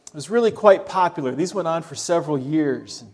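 A middle-aged man preaches a sermon, talking to his listeners like a friendly pastor. His voice sits a little high for a man, and he sinks to quiet, low tones to stress a point. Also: lively intonation, brisk. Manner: conversational preaching, dropping to soft low tones for emphasis.

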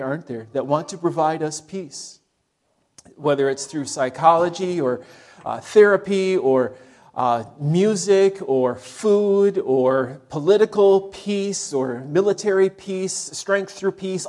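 Conversational preacher, fairly high voice. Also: male voice. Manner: conversational preaching, dropping to soft low tones for emphasis. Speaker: pastor. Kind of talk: sermon.

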